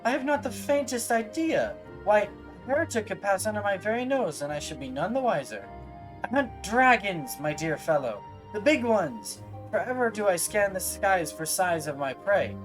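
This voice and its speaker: A man's voice: high voice, expressive, normal speed, over music, voice pushed up. A man voicing a haughty noble dragon hunter from a game, reading his lines with theatrical loftiness.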